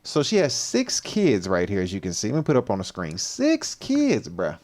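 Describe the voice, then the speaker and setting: A man's voice: on the low side, huge pitch swings, moderate pace, a little mellow. A man hosting a casual livestream, talking loosely in slang and reacting to clips and comments as he goes. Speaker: livestream host.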